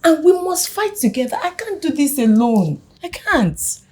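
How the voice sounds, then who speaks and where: An actress playing an emotional parent who moves between whispered relief and pleading. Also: female voice, medium pitch, expressive, a little slow, lightly acted. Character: parent longing for a lost daughter, emotional.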